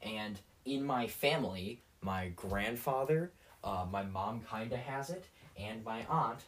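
A man's voice: lowish voice, animated, slow pace, recorded from a distance, a little hiss or hum. A teenage boy hosting a podcast, ranting in a rambling, sarcastic way with lots of fillers and restarts. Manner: sarcastic and self-mocking. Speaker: podcast host. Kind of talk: rambling solo rant.

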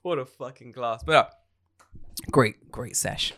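A young man hosts a podcast in a dry, close-miked room, his voice sitting at a mid pitch. He tells stories in animated, profanity-laced casual chat. He throws himself into quoting other people. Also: takes it slowly, dry recording. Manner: animated, swearing storyteller who acts out quotes. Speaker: podcast host.

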